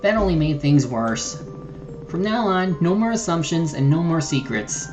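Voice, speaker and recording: A woman's voice: sits low, animated, normal speed, a little mellow, faint music behind, rough recording. A streamer voicing an earnest, remorseful young woman adventurer, reading game dialogue aloud with small slips and restarts. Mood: resolved.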